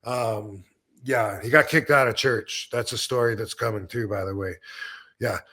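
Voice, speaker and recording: A man's voice: lowish voice, moderate pace, bright, forceful tone. Male podcast host, easygoing and rambling, full of fillers and restarts. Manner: laughs between remarks. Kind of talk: casual chat.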